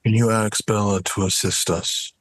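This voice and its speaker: A man's voice: lowish voice, flat delivery, moderate pace, no room sound, poor audio. A man playing a tabletop role-playing game, stating his character's plans in a matter-of-fact way. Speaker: player. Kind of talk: casual tabletop play.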